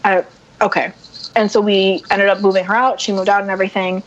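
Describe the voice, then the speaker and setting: On a podcast, a woman guest tells a personal story in a mid-range voice that runs a little fast, animatedly acting out the voices of the people she quotes. The sound is muffled and lo-fi.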